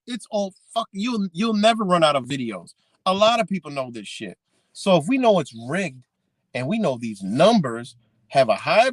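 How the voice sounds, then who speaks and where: A man's voice: high voice, no room sound. Blunt, profane man ranting. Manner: blunt, heavy swearing, repeats himself. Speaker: podcast host. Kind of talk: casual ranting recap.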